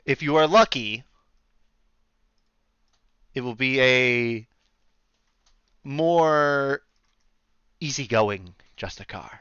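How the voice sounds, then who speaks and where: A man's voice: medium pitch, very slow, pauses often, sharp tone, clear, resonant tone, dry recording, dull audio. A man voicing a guarded, formal elf guild leader. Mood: explaining. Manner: polite, formal, hesitant with restarts.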